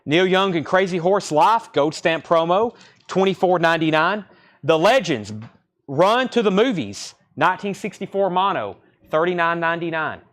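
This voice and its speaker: Brisk man calling out record prices. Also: a little high, fairly bright tone. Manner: brisk, repeats titles and prices. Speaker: live record sale host. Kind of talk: live-stream sales patter. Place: record store.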